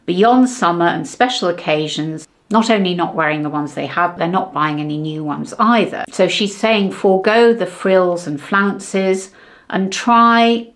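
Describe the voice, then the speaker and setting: A woman's voice: lowish voice, measured pace. A middle-aged woman, talking to camera in a chatty, direct way about fashion trends for her vlog. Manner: chatty, warm and direct to viewers. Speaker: fashion and beauty vlogger.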